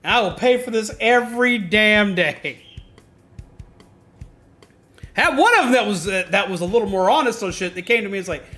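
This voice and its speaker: A man's voice: sits high, expressive, moderate pace, pauses often, pushed and bright, faint music behind. A man streaming, ranting heatedly to his chat, swearing a lot and often stopping to restart or repeat himself. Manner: heated, profane, emphatic; self-interrupting, repeats himself.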